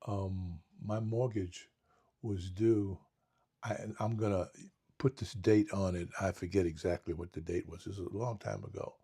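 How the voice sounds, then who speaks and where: A man in casual talk as pastor and co-host, emphatic, slowing down and stressing scripture. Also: sits low, steady tone, slightly rough. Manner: emphatic, slows and gets louder on scripture. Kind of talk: preaching in casual chat.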